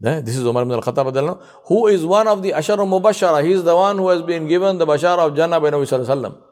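Man preaching with rhetorical questions. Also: racing. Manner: rhetorical questions, Arabic honorifics woven in; drops soft and low on honorific phrases. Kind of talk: sermon storytelling.

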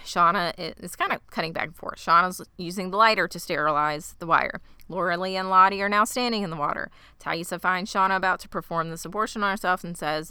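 A woman co-hosting a podcast, retelling a TV episode in a casual, animated way. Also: fairly low pitch, clean tone, dry recording, studio quality. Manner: animated, quick retelling with quoted lines. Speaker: podcast co-host recapping a TV episode. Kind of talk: casual recap chat.

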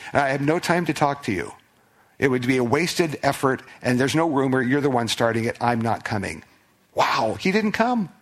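A man, a pastor, preaching a conversational expository sermon, animated and asking his listeners questions as he reads and explains the text. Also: mid-range voice.

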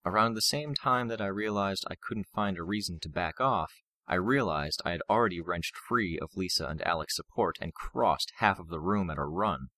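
A man with a deep, low voice reads an audiobook in steady, measured narration. His tone is bright and forceful, and the sound is close and dry with no room around it. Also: no room sound. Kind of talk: scripted narration.

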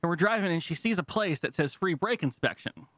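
Guy hosting a podcast, swearing a lot, acts out everyone in his stories, kinda high voice, dry sound. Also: brisk, no echo. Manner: profane, animated, acts out quotes. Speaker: podcast host. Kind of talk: casual chat, storytelling.

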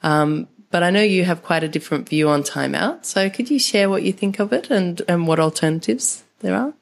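A woman's voice: on the low side, fairly quick, gravelly. A woman hosting an interview, listening attentively and posing thoughtful questions. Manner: attentive, frequent soft affirmations. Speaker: interview host. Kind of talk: podcast interview.

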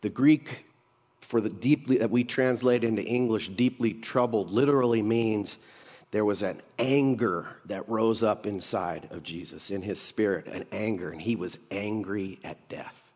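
A man's voice: lowish voice, a little slow, a little mellow. A man preaching in a reverberant hall. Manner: conversational, jokey storytelling with laughs and asides. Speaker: pastor. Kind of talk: sermon.

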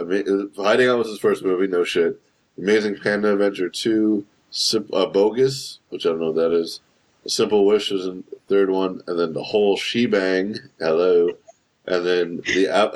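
A man co-hosting a podcast, chatting casually and jokingly, acting out movie lines in put-on voices. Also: low voice. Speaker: podcast co-host. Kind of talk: casual comedic chat.

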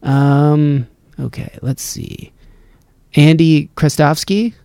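A man's voice: fairly high pitch, slow pace, mellow, smooth, dry recording. A man hosting a solo podcast from his home studio, rambling casually and breaking off his own sentences. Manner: casual, rambling, self-interrupting. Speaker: podcast host.

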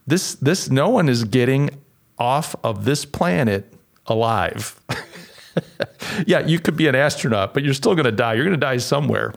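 A man's voice: medium pitch, expressive, normal speed, gravelly. A man hosting his own podcast in a solo commentary, talking with sarcastic, mocking asides. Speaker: podcast host.

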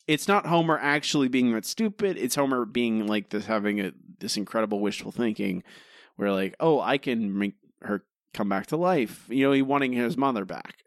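A man co-hosting a podcast, chatting casually in an animated, exasperated way and laughing often. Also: a little high, dry recording. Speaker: podcast co-host. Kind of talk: casual chat.

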